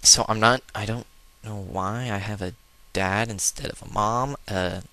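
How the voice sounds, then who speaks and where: A man's voice: lowish voice, a little slow, pushed and bright, dry recording. A man giving casual, rambling and joking commentary over a video game he plays. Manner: rambling, joking, lots of fillers. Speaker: let's play host.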